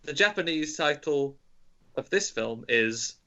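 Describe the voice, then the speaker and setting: A man with a bright, forceful voice hosts a horror quiz podcast, reading clues with playful teasing. The sound is dull and lo-fi, like home podcast audio. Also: medium pitch, big pitch swings, unhurried, gravelly. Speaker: quizmaster.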